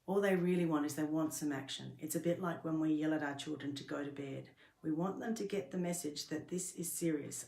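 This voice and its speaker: A woman's voice: low-pitched, brisk, gravelly, darkish tone. A middle-aged woman, a workplace trainer, giving an earnest instructional talk and explaining things step by step, sometimes restarting her sentences. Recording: roomy echo.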